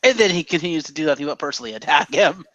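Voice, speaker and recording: Male podcast co-host, bright tense tone and teasing, dry lo-fi recording. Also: fairly high pitch, very fast, no room sound. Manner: teasing, animated. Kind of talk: casual chat.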